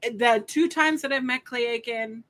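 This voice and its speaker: A woman, a podcast guest, chatting casually and telling animated stories with swearing and frequent laughter. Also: a little high, normal speed. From United States. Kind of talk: casual chat.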